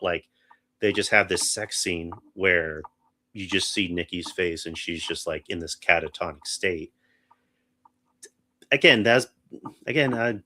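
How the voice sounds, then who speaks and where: A podcast co-host with a low-pitched, sharp-toned voice talks casually through a movie review, amid a little hiss or hum. He rambles, restarts often, and acts out quotes.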